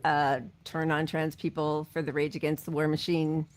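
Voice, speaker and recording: A woman's voice: sits low, level tone, normal speed. A woman co-hosting a podcast in casual chat who laughs easily. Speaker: podcast co-host.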